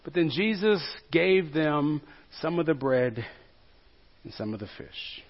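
A man with a high voice preaches a sermon. He retells the story with humor and plays out the quotes, swinging from loud to hushed. The recording sounds dull and lo-fi. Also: animated, takes it slowly. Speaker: pastor.

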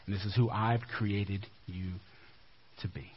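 A man's voice: fairly even intonation, measured pace, slight background noise. Conversational male preacher, lo-fi sound. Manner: conversational, dropping to a hushed low voice for emphasis. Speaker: pastor. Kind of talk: sermon. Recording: dull lo-fi recording.

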